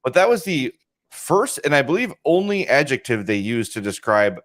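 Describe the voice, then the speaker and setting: Man, podcast co-host, mid-pitched voice, chatty, rambling. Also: sing-song, moderate pace, fairly bright tone. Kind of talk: casual podcast chat. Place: studio with video cameras.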